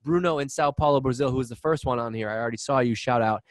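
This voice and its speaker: A man hosting a live webinar over a video call, talking fast and excitedly with lots of restarts. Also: medium pitch, no echo. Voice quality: excitable, rapid, restarts often. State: out of breath. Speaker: webinar host. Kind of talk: energetic live webinar chat. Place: office in Boston.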